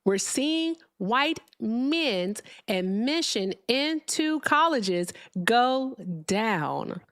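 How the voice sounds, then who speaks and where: A woman's voice: fairly high pitch, animated, very slow, clear, resonant tone, no echo, studio quality. A woman hosting a live political call-in show, lecturing callers bluntly and punctuating points with "all right?". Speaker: host.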